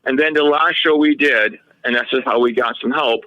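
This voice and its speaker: As a guest on a radio show, a man with a mid-range voice tells a long story at a moderate pace, rambling casually and often quoting what others told him. The sound is phone quality with no echo.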